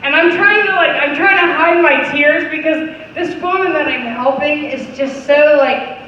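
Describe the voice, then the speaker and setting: A young woman doing a stand-up set with a fairly high voice, animated and swearing freely as she talks to the crowd. Her voice bounces around a big echoey room with a long tail, heard from a distance. The sound is a little dull and lo-fi. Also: moderate pace, slight background noise. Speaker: stand-up comedian. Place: comedy venue. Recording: echoey club mic heard from far off.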